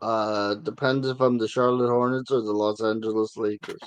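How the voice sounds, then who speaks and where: A man's voice: lowish voice, level tone, normal speed, smooth, no room sound. A man hosting a casual sports talk show, chatty and given to sarcastic asides. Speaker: sports podcast host.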